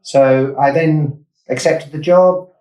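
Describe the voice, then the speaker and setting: A man's voice: fairly high pitch, steady tone, slow, warm tone, highs cut off. A man in his sixties, a startup investor from Essex, England, recalling his early career in a rambling interview story full of asides and self-corrections. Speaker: investor and startup founder, guest. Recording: roomy, distant mic.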